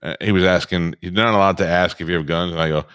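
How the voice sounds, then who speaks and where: A man's voice: sits low, steady tone, quick pace, a bit bright, smooth, dry recording, studio quality. A man co-hosting a podcast in casual chat, blunt and telling stories with acted-out dialogue. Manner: blunt, storytelling with reenacted dialogue. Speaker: podcast co-host.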